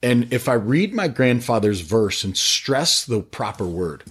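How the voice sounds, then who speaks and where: A middle-aged man talking about faith on a podcast with eager, animated, preachy storytelling. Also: mid-range voice, measured pace, breathy edge. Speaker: podcast guest, faith-based business owner. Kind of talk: casual podcast conversation.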